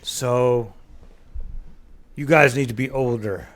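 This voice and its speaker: A man's voice: medium pitch, slow pace, heavy background noise. A man playing his character in a tabletop game, joking and thinking aloud. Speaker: player.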